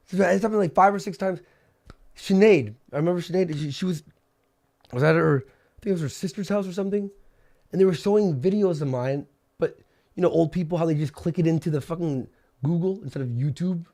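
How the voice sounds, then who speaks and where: A man's voice: a little high, lively intonation, a little fast, long pauses, warm tone. A man ranting angrily on a livestream, agitated and swearing, often repeating himself. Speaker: streamer. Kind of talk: angry livestream rant.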